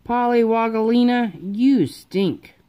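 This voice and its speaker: A woman's voice: a little high, fairly even intonation, slow pace, dark tone, smooth, pitched above the performer's own voice. A woman voicing an eager, clumsy young boy frog in a storybook read-aloud, bouncy and a little whiny. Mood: excited.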